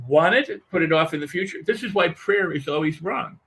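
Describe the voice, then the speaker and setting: Husky, emphatic man in conversation. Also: a little high, fairly quick. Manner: emphatic and animated, with repeated phrases. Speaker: interview guest. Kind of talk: conversational podcast interview.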